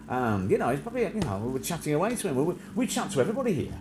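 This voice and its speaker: Lively chatty man, noisy line. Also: on the high side, rapid-fire. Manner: chatty, jokey, laughs often, many restarts. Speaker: live stream host. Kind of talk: casual rambling chat.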